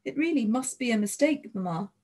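A woman reading an audiobook voices a young girl who speaks quickly and soothingly. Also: on the high side, expressive, darkish tone. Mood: reassuring.

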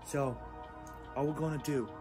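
A man's voice: fairly high pitch, fairly even intonation, moderate pace, music in the background. A man in an old vlog clip, hamming up a late-night challenge in a playful, slangy way, calling everyone "boy.". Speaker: vlogger in an old video. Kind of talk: goofy scripted vlog challenge.

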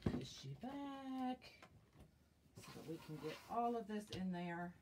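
A woman with a lowish voice leads a casual live wreath-making demo, talking to viewers and thinking aloud with fillers. The tablet mic picks up slight background noise.

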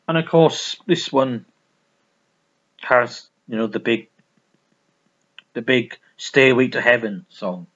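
A man's voice: mid-range voice, expressive, slow, pauses often, a bit bright, highs cut off. A man reviewing records in a casual, rambling, sweary way, full of restarts. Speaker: music vlogger.

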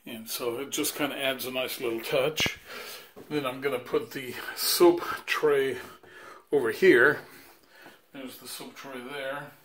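This tile installer's voice is mid-range and fairly bright, with fairly even intonation, an unhurried pace, and a faint hiss or hum in the audio. He casually explains his tiling job in a bathroom being renovated, going plainly step by step and filling pauses with frequent "uh"s and "um"s.

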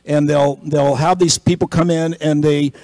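A man's voice: a little high, level tone, normal speed, darkish tone, no room sound, poor audio. A man preaching a conversational sermon, telling a story and acting out the people in it, then building to an emphatic exhortation. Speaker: pastor.

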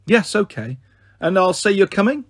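A blunt schoolgirl who teases without mercy, as a man puts her on. The voice is raised above his own, husky, on a dry recording. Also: sits high, sing-song, normal speed, no room sound, pitched above the performer's own voice, heavily acted. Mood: teasing. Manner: blunt, teasing.

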